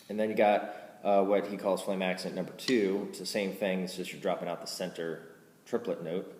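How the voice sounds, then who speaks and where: A man teaching drum rudiments in a casual way, counting strokes aloud louder than he explains. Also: low-pitched, level tone, moderate pace. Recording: roomy reverb with loud background noise.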